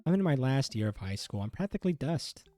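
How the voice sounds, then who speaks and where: A wisecracking teenage daughter who teases her dad with dry, deadpan lines, read aloud by a man playing a game. The voice stays mellow and unforced, close to an ordinary speaking voice. Faint music runs underneath. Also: medium pitch, fast, close to an everyday voice. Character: snarky teenage daughter in her last school year. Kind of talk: reading game dialogue aloud.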